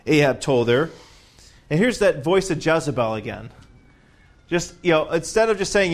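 A man's voice: a little high, animated, normal speed, pauses often. A man leading a Bible study, reading scripture aloud and breaking off for conversational asides and questions to the group. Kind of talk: reading scripture with casual commentary.

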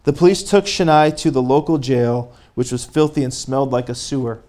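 A man preaching a sermon, reading a story aloud and pausing to speak directly to his congregation, growing fervent. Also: mid-range voice, mellow.

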